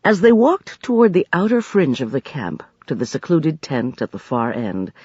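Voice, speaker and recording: A man narrating an audiobook in a measured, expressive way. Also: on the high side, slightly rough, no room sound, highs cut off.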